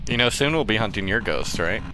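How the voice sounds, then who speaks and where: A man's voice: fairly low pitch, lively intonation, a little fast, heavy background noise. A young man playing a game and trash-talking, sarcastic and teasing in his banter. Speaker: game player. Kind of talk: in-character banter while gaming.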